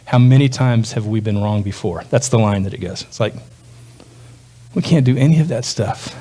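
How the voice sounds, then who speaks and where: A man's voice: normal speed, dark tone, slightly rough. Male pastor preaching conversationally. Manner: conversational, voices quoted speakers with jumps in pitch. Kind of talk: sermon.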